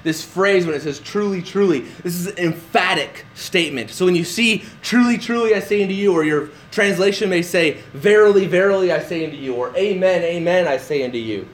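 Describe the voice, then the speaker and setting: A man's voice: high-pitched, fairly quick, hardly any pauses, fairly bright tone. A man preaching a conversational sermon in a church, restarting phrases and acting out quotes with animation. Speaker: pastor.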